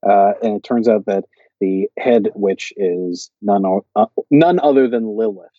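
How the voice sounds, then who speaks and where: A man's voice: on the low side, unhurried, dry recording, lo-fi sound. A man co-hosting a podcast, casually recapping a TV episode, rambling and quoting the characters. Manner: rambling, quotes characters in raised voices. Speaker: podcast co-host.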